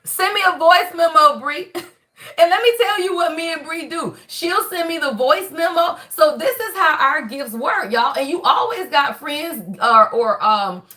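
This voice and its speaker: A woman's voice: sits high, animated, a little slow, sharp tone. A woman, giving a casual live spiritual reading, loose and profane, talking straight to her viewers. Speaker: spiritual reader on a livestream.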